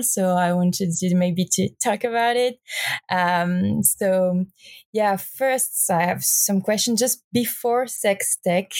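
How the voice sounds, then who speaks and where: A woman's voice: mid-range voice, darkish tone, no echo. Woman host, French accent, hesitant and friendly, dry close sound. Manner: hesitant, many fillers and restarts, friendly. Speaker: podcast host. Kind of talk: casual interview chat.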